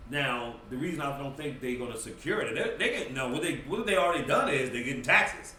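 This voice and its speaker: A man's voice: medium pitch, brisk, slight background noise. A man on a podcast telling a story in casual talk, acting out what people said and laughing as he goes. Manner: animated storyteller, acts out quotes, laughs as he talks. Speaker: podcast guest. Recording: roomy, slightly distant mic, faint ambience.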